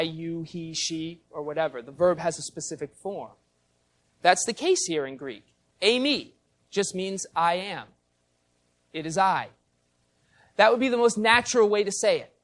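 A man, a pastor, preaching an expository sermon in a teacherly way, explaining terms and putting questions to the congregation. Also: a little high.

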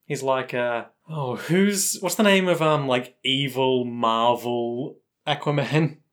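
A man's voice: medium pitch, takes it slowly, fairly bright tone. A man hosting a casual podcast, recapping an anime in a rambling way, with a scratchy throat today. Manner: rambling recap, acts out characters' lines. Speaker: podcast host.

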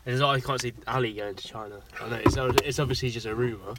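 A man's voice: mid-range voice, fairly even intonation, fast talker, a bit bright, slight background noise. A young man from England co-hosting a podcast in casual chat, rambling and laughing often. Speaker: podcast co-host.

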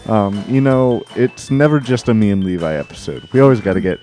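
A man's voice: fairly low pitch, expressive, brisk, warm tone, faint music behind. A young man co-hosting a casual comedy podcast, joking, rambling and laughing often. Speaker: podcast co-host.

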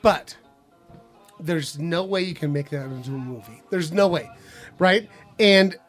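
A woman co-hosting a casual geek chat, excitable and quick to laugh, swearing freely as she gushes. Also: lowish voice, faint music behind. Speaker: podcast co-host.

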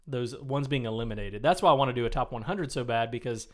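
A man's voice: mid-range voice, fast. Easygoing man co-hosting a podcast. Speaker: podcast co-host. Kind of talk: casual chat.

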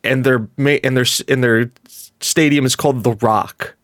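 A man co-hosting a stream in casual banter, stumbling and restarting his sentences often. His voice sits at an ordinary middle pitch. It is close-miked and dry, with no room sound around it. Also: steady tone, moderate pace, a bit bright, no room sound. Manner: rambling, stumbles over words. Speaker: co-host of a live-streamed podcast.

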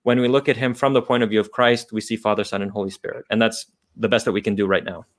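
A man's voice: fairly low pitch, flat delivery, fast talker. Man thinking aloud through philosophy. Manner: thinking aloud, frequent restarts and fillers. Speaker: guest philosopher. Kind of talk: unscripted philosophical explanation.

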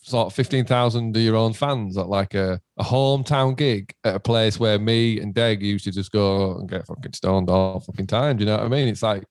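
A man, chatting casually about a hometown gig. He swears a lot and acts out quoted lines with big jumps in pitch. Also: a little fast, hardly any pauses, dry recording. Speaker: band member. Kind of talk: casual chat, heavy swearing.

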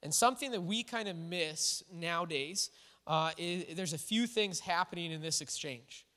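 A man preaching a sermon in a casual, animated way, full of asides to his listeners. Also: fairly high pitch, normal speed. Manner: conversational, animated, full of "like" and "all right". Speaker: pastor. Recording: echoey hall.

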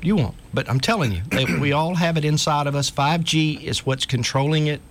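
A man's voice: on the high side, brisk, slight background noise. A man hosting a talk radio show, speaking in an earnest, urgent way and reading articles aloud to listeners.

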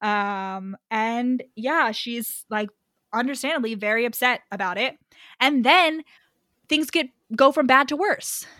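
A young woman chats about a book on a podcast and fills in the historical context with plenty of fillers. Her voice is bright and sharp, and the recording sounds close and dry with no room echo. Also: fairly high pitch, measured pace. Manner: chatty, filler-heavy, explains context. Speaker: podcast co-host. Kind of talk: casual chat, book recap.

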